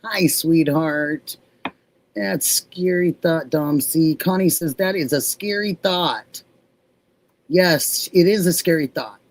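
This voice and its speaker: A woman hosting a live stream, greeting chat and telling a personal story in a relaxed, drawn-out way. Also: deep voice. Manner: reads viewer comments aloud, drawn-out storytelling.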